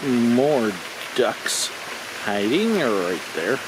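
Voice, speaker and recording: Middle-aged male vlog host, animated delivery, dry jokes, outdoor zoo with faint background noise. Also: medium pitch, very slow. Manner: wry, joking tour-guide commentary. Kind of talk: casual narration at the zoo.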